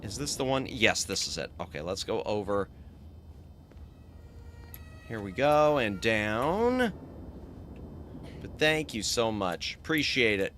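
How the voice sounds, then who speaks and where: A man's voice: on the low side, animated, a little slow, long pauses, bright, forceful tone, slight background noise. A man streaming a video game as a VTuber, chatting casually, thinking aloud and thanking his chat.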